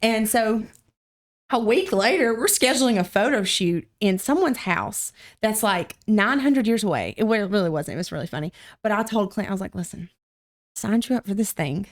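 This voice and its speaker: A young adult woman, a podcast guest, telling a story in a lively, casual way and acting out quotes with sudden jumps in pitch. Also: moderate pace.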